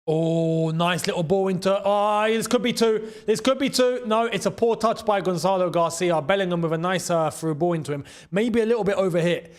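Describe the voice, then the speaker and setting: A young man with a London accent hosting a live football watchalong, chatting in slang and breaking into excited shouts at big chances. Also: sits high, normal speed, hardly any pauses. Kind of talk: live match watchalong commentary.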